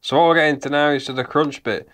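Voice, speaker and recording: A man's voice: a little high, steady tone, fast, a bit bright. A man giving analytical commentary over video clips, explaining steadily with frequent ums. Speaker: body language analyst.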